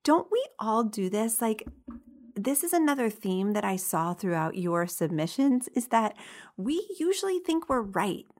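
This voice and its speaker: This woman hosts a show and reads listener stories out loud in an easy, chatty way. She giggles a lot, and her voice sits at an ordinary middle pitch. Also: very animated, measured pace. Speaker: podcast host. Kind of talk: casual reading of listener stories.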